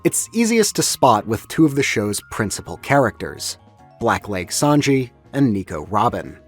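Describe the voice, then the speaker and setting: A man's voice: fairly low pitch, sing-song, moderate pace, husky, faint music behind. A man narrating a scripted video essay in a wry, analytical way.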